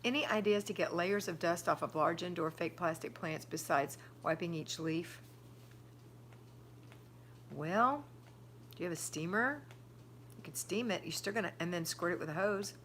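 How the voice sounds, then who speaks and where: A woman's voice: fairly low pitch, normal speed, pauses often, a bit bright, slight background noise. An older woman hosting a live stream, chatting casually, reading out viewer comments and giving firm homemaking advice. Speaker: livestream host answering viewer chat.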